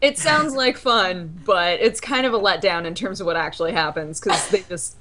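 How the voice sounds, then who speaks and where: A woman co-hosting a casual podcast over a video call, animated and teasing. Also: fairly low pitch, normal speed, a crowd in the background. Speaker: podcast co-host.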